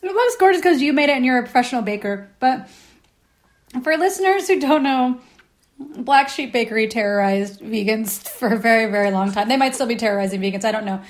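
Young woman co-host, wry and joking, frequent laughs, fairly high voice. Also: fairly quick. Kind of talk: casual chat while tasting food.

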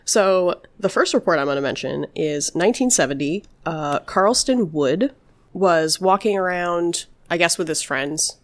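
Low-voiced woman rambling through spooky stories. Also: expressive, unhurried. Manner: rambling, lots of "like" and "obviously". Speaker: podcast host telling paranormal stories. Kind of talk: casual storytelling chat.

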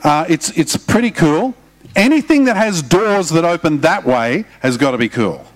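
Aussie pastor guy preaching, high-ish voice, chatty with jokes thrown in. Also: animated, moderate pace. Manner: conversational preaching with humorous asides. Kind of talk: sermon.

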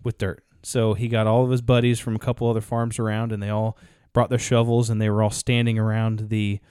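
A man's voice: fairly low pitch, level tone, a little fast, darkish tone, clear, resonant tone, no room sound, studio quality. A man co-hosting a podcast, telling a story in a rambling way with frequent restarts. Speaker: podcast co-host. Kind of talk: casual podcast talk, storytelling.

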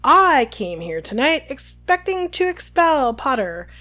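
Woman voicing a pompous male minister, blustering, high barking voice, wide swings. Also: unhurried, full character voice. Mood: gloating. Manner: loud excited outbursts, high and pushed.

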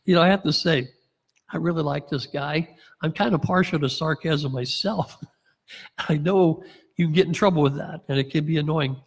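A man preaching a sermon, his voice sitting a bit higher than most men's. He reads scripture aloud and acts out the lines with dry, sarcastic humor. A long reverb trails behind him, as in a large hall. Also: normal speed. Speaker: pastor.

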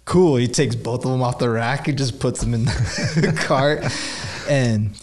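Young dude rambling thru a work story, tons of "like", kinda animated, regular pitch. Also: male voice, measured pace. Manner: rambling, filler-heavy, animated. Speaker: store employee telling a story. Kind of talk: casual storytelling.

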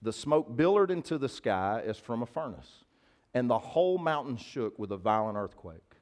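A man's voice: medium pitch, sing-song, moderate pace, a little mellow. A male preacher, giving a sermon in a casual, folksy way and often asking his listeners to agree. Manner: conversational, folksy, asks the crowd to agree.

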